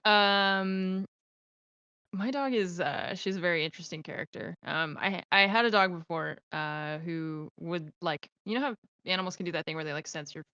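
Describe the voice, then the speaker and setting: A woman streamer chatting as an interview guest, telling stories in a loose, animated way. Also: lowish voice, normal speed, no room sound, lo-fi sound. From Southern California. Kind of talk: casual interview chat.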